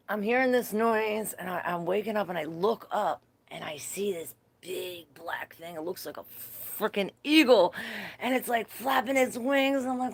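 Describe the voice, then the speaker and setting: A woman's voice: mid-range voice, moderate pace, vocal fry. A woman giving a casual live tarot reading, chatty and laughing often, cursing freely as she talks to her viewers. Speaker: tarot reader.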